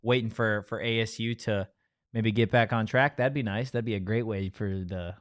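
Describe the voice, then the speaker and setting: A man hosting a sports podcast who talks in a relaxed, casual way and teases his co-host. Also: lowish voice, normal speed, clean tone, no echo, studio quality. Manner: relaxed, teasing banter. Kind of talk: casual sports show chat.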